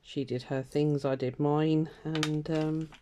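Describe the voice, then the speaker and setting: A woman's voice: sits low, steady tone, slow, background noise. An older woman, chatting casually in a rambling way while doing her sewing, full of fillers and little laughs. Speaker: craft vlogger. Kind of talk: casual chat while stitching.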